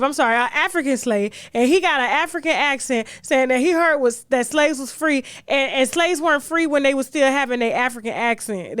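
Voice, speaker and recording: A woman's voice: high-pitched, a bit bright, clear, resonant tone, no room sound, clean studio sound. A woman hosting a gossip commentary show, ranting in a brash, profane, rhetorical way. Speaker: host.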